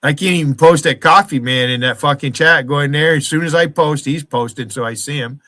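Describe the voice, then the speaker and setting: Confrontational male streamer, swears constantly, slightly high voice, dry sound. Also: brisk, pushed and bright, no echo. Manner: profane, confrontational, calls out viewers by name. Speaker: livestream host. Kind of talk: angry livestream rant.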